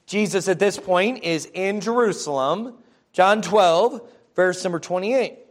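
Man, preacher, high voice, sermon, slow emphatic scripture reading, keeps asking the congregation "folks?". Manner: checks in with listeners, asking "folks?" and "yes?"; reads scripture slowly with emphasis.

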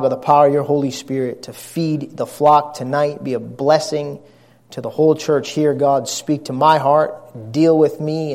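A man's voice: mid-range voice, vocal fry, a little mellow. A man preaching a sermon as pastor, earnest with wry asides.

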